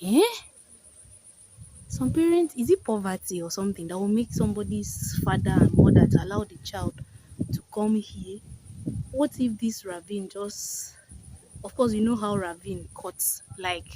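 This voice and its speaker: A woman's voice: medium pitch, animated, a little slow. Breathless Nigerian woman vlogging outdoors. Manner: exclaiming, incredulous, chatty. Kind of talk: walking tour vlog commentary. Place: outdoors, hilly neighbourhood. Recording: outdoor vlog with background noise.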